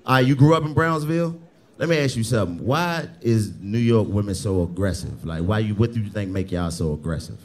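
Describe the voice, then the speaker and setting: A male stand-up comedian roasting the audience with loud, brash crowd work, often yelling and cursing. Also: fairly low pitch, lively intonation, brisk. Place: live comedy club ballroom. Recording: live club with crowd noise.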